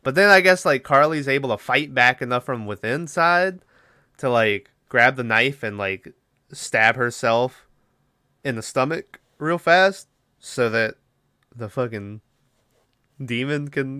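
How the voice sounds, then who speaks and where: A man's voice: medium pitch, sharp tone, clean tone, no echo, clean studio sound. Casual swearing man recapping a movie. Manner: rambling, swears often, lots of fillers. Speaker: podcast co-host.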